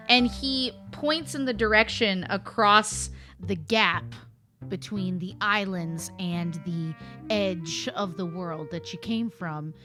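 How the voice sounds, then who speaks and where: A woman narrates a fantasy tabletop game as game master, lively and playful. Her voice is bright, and soft music plays faintly underneath. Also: medium pitch, slow.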